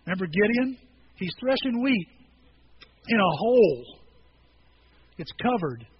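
A male pastor delivers a casual, animated sermon, often slipping into quoted voices to act out the scripture. His voice sits high and moves through a wide, lively range. The recording is a bit dull, with faint noise underneath. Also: measured pace. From rural farm upbringing.

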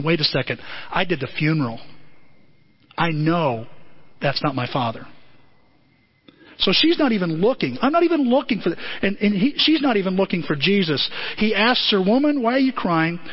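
A man with a fairly high voice delivers a sermon as pastor, storytelling with energy and slipping into voices for the people he quotes. The recording is dull and lo-fi, as if from an older audio file. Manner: animated storytelling, acting out quotes.

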